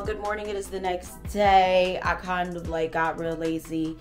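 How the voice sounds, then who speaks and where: A woman's voice: fairly low pitch, little pitch movement, moderate pace, hardly any pauses, over music. Heated, profane woman vlogger. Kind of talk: storytime vlog. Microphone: camera.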